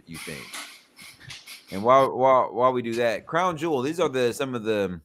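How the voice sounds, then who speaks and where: A man with a mid-pitched voice hosts a casual podcast chat. He jokes and riffs, and his pitch swings widely from line to line. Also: normal speed. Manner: joking, animated riffing.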